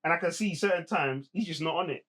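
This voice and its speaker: Higher-voiced man, hesitant co-host. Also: quick pace, a crowd in the background. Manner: hesitant, conversational. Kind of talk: casual podcast conversation.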